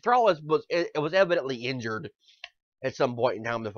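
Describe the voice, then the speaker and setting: Podcast co-host, male, sweary and exasperated, lively pitch, dry close mic. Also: normal speed, dry recording. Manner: exasperated, swearing, repeats words. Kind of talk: casual podcast rant. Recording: dull lo-fi podcast audio.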